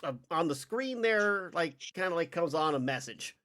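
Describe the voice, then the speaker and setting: Brief: male game master, rambling narration, animated pitch. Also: normal speed. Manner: rambling, many fillers and restarts.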